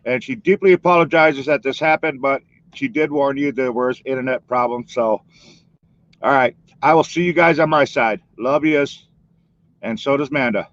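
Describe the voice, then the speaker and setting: A man's voice: mid-range voice, normal speed, a bit bright, dry recording. A man talking casually on a live stream, filling in for the host in a rambling, chatty way. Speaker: stand-in streamer. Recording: dull lo-fi dry stream audio.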